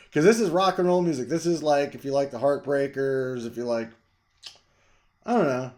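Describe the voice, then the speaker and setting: A middle-aged man, the host, chatting casually and rambling about his record collection, jumping to loud emphasis. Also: mid-range voice, steady tone, normal speed. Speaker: vlog host reviewing records.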